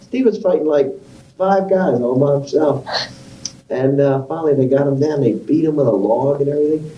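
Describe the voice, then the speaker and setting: A man's voice: a little high, normal speed, reverberant, distant mic, dull audio. A man being interviewed, telling rambling stories about his youth and acting out other people's voices.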